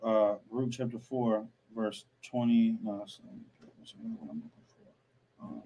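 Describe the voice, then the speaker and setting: A man reading passages aloud in a steady formal tone, with hesitant fillers between readings. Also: on the low side, a little slow, slight background noise, poor audio. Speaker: scripture reader on a show.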